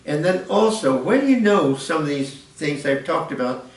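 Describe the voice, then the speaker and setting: A man's voice: fairly high pitch, expressive, normal speed. An older man giving a rambling, informal music lesson and correcting himself as he explains. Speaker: music teacher. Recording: echoey room, mic at a distance.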